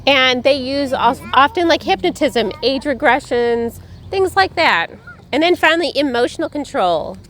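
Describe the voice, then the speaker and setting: Chatty woman with a slightly high voice. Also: expressive, moderate pace, fairly bright tone, slight background noise. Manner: chatty, explanatory, frequent "like" fillers. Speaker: podcast co-host. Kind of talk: casual chat about cults.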